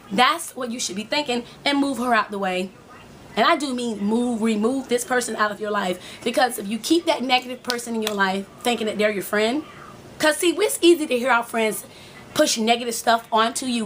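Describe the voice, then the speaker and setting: A woman's voice: fairly high pitch, normal speed, fairly bright tone, slight background noise. A woman life coach giving a preachy, motivational talk to women, speaking straight to her viewers and repeating her points.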